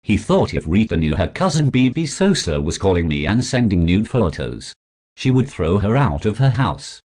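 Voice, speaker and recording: A man's voice: fairly low pitch, very animated, moderate pace, a little mellow. A man narrating a story in the first person as a scripted audiobook reading.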